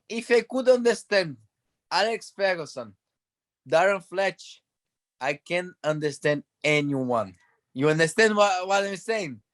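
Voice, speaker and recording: Brazilian man with a high voice. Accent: Brazilian Portuguese. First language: Portuguese. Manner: halting, laughs often, restarts. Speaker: guest, former footballer. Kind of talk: podcast interview.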